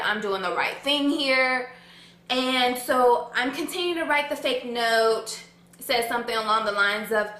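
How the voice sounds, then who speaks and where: A young woman with a bright, high voice tells her own story in a casual, dramatic way, cursing freely. Her voice rings in an echoey room. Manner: animated, dramatic, swears freely.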